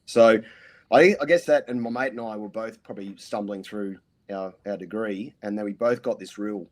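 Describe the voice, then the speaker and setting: Man, Australian accent, middle-aged, low voice, rambling and casual, interview guest. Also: normal speed. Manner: rambling, lots of ums and restarts.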